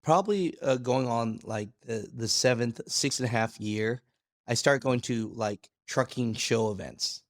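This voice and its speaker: A man talking as a podcast guest in a casual chat, an energetic storyteller who acts out quoted dialogue and restarts his sentences often. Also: mid-range voice, measured pace, no room sound, clean studio sound. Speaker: podcast guest, trucking video creator.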